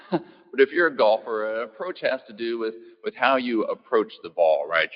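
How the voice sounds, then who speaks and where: A man giving a relaxed, folksy talk, poking fun at himself and asking the audience questions. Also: low voice. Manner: easygoing, self-deprecating, asks the audience questions. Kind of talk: folksy talk opening with a joke. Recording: muffled sound in an echoey hall.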